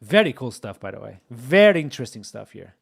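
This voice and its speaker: A man hosting a live coding stream, excitable and exclaiming as he talks to his chat. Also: medium pitch, brisk, creaky, slightly rough. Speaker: streamer, host.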